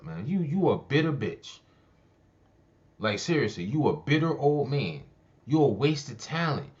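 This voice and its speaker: Man, commentary host, slow deliberate delivery, blunt street talk, muffled lo-fi sound. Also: a little high, animated, a little mellow. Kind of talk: casual commentary.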